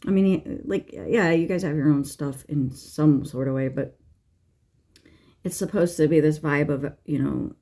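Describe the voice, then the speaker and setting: Speaking a little slowly in a deep, mellow voice, the middle-aged tarot reader chats casually and lets off steam. She's frank and swears often, drifting into rambling asides and restarting sentences amid fillers in her exasperation.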